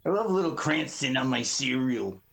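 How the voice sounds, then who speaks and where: A man's voice: medium pitch, animated, brisk, a bit bright, slightly rough. A man chatting casually on a podcast, cracking jokes in short quips. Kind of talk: casual chat.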